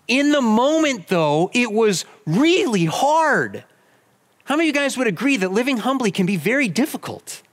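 A man's voice: high voice, fairly bright tone. A man preaching a sermon, telling a personal story and acting out both sides of the conversations. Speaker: pastor. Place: church auditorium.

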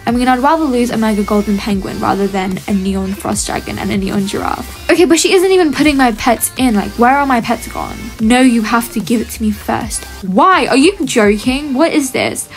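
High-voiced woman narrating gameplay. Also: sing-song, fairly quick, hardly any pauses, faint music behind. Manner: exasperated, chatty, addresses viewers as guys. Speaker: gaming video creator. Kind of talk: game commentary to viewers.

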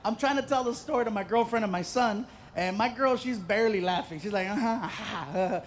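A man telling a stand-up story in an animated way, jumping into voices and shouts. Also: high voice, fast talker, slight background noise. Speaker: stand-up comedian.

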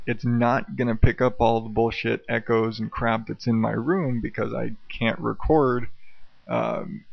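A man hosts his own podcast alone at home late at night, rambling and swearing as he mocks himself. His voice has a gravelly fry to it, and the old karaoke mic makes it sound dull and lo-fi. The room sounds dry and close, with no echo. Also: medium pitch. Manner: rambling, profane, self-mocking. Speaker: podcast host. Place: bedroom at home. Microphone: old dynamic karaoke mic on a stand.

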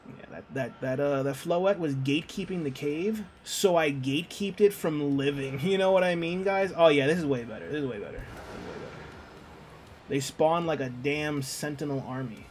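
This streamer has a fairly high, darkish voice and talks at a moderate pace with hardly any pauses, with slight background noise behind him. Chatty and joking, he plays a video game while addressing his chat and reading their messages aloud.

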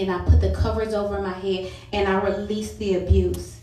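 A woman's voice: medium pitch, fairly even intonation, normal speed, dark tone, slight background noise. A woman preaching a sermon and telling her own story in an earnest, personal way. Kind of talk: sermon testimony. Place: church sanctuary. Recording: roomy church sound from a distance.

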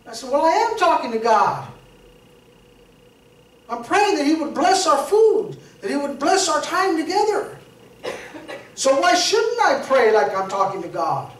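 A man's voice: extremely high pitch, sing-song, a little slow, pauses often. A man preaching an informal storytelling sermon in a church, talking conversationally and repeating words as he builds to emphatic peaks. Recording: roomy church sound from a distance.

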